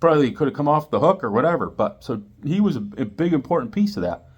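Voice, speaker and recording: Animated middle-aged man telling a story. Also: on the high side, fast, breathy edge, lo-fi sound. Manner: animated, acts out quotes, repeats himself. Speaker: fishing channel host. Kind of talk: storytelling monologue.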